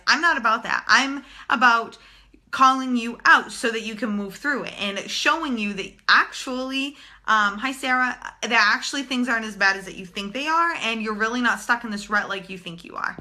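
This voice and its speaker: A woman's voice: a little high, normal speed, pushed and bright. A young woman talking casually and bluntly to viewers in a live stream, swearing freely as a spiritual channeler.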